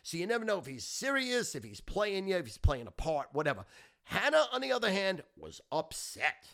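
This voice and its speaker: A man's voice: high-pitched, huge pitch swings, moderate pace, creaky, fairly bright tone. A middle-aged man hosting a podcast, telling stories in a brash, profane, boastful way. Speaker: podcast host. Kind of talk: casual storytelling monologue.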